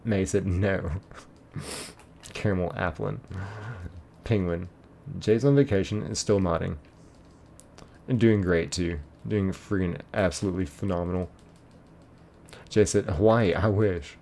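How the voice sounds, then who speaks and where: A man's voice: sits low, unhurried, vocal fry, long pauses, mellow, a little hiss or hum. A man streaming a game, casually reading chat messages aloud, laid-back and chuckling.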